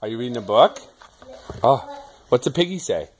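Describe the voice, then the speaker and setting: A man talking baby talk to his toddler, asking slow sing-song questions and making animal sounds. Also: medium pitch, expressive, a little hiss or hum. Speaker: parent.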